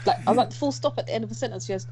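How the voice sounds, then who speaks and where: A woman's voice: fairly high pitch, racing, dark tone, slight background noise. A woman co-hosting a podcast, telling stories in casual chat with lots of laughter. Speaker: podcast co-host.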